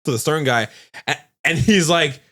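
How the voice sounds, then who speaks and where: A man's voice: on the high side, moderate pace, fairly bright tone. A man co-hosting a casual podcast, retelling scenes loosely with lots of fillers and swearing. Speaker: podcast co-host. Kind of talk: casual chat.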